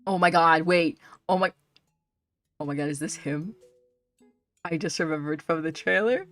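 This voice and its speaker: A woman's voice: low-pitched, moderate pace, dry recording, faint music behind. Chatty woman streaming a game. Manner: chatty, giggly. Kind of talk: casual gameplay chat.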